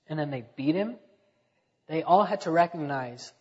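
Guy preaching a sermon, kinda husky, swells loud then goes quiet, dull echoey church sound. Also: fairly high pitch, moderate pace. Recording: dull echoey sanctuary recording.

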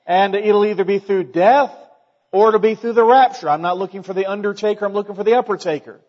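A man's voice: high-pitched, a little mellow, lo-fi sound. A middle-aged man preaching a sermon in a church, folksy in tone, building emphasis and quoting scripture. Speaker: pastor.

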